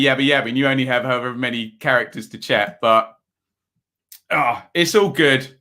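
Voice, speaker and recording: Male streamer from Ipswich, bright and forward voice, easygoing rambling delivery, for a football watchalong. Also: medium pitch. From Ipswich, England. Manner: chatty, rambling, reads chat aloud, many ums. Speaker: livestream host. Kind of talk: casual live football commentary and chat.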